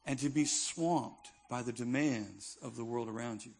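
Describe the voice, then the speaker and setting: A man's voice: mid-range voice, normal speed, vocal fry, slight background noise. A male pastor preaching a sermon in a conversational, emphatic style with touches of humor.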